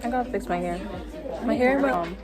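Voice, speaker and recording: A woman's voice: a little high, fairly quick. A teenage girl vlogging casually with friends, chatty and giggly. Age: teens. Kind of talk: casual vlog chat. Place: school grounds at an event. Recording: loud crowd and music behind.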